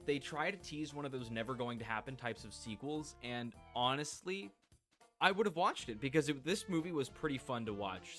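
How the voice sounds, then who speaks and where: A man talks through a casual video essay at an average pitch, chatty and wry, leaning on "like" as he goes. Soft music sits faintly behind his home-mic voice-over. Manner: chatty and wry, with many "like" fillers.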